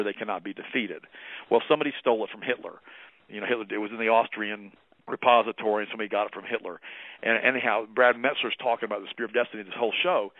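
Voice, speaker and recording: A man speaking as a guest on a talk radio show, emphatic and preachy as he rushes through his points. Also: on the low side, no echo. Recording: dry, phone-like narrow sound.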